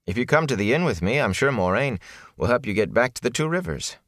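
A man's voice: mid-range voice, very animated, quick pace, a bit bright, dry recording, studio quality, voice pushed up. A man voicing an earnest young village man who talks in a pleading, soothing way.

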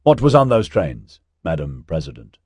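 A man's voice: low voice, sing-song, moderate pace, a little mellow, slightly rough, no echo, studio quality, exaggerated voice. A man reading a pushy, mocking male news interviewer in an audiobook, firing probing questions. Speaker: journalist.

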